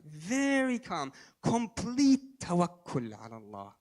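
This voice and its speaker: A man giving a sermon, telling stories and moving between quiet low asides and raised emphatic lines, with Arabic religious phrases mixed in. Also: very animated, slow. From Australia. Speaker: speaker at a religious gathering.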